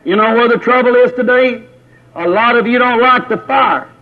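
Fiery high-voiced preacher. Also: male voice, moderate pace. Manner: fiery and scolding, mocking in quoted voices. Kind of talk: fiery Pentecostal sermon. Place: church. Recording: old dull lo-fi sermon tape.

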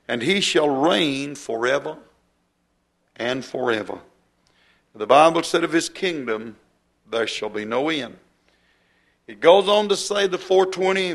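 A man preaching a sermon, slow and drawn out, repeating key phrases for emphasis. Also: on the high side, expressive, fairly bright tone.

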